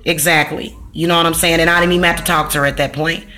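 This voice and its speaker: Woman vlogger, bright voice, blunt and profane, casual rant. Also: low voice, steady tone, fast, a little hiss or hum. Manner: blunt, profane, ranting, slangy. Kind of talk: casual talk to camera.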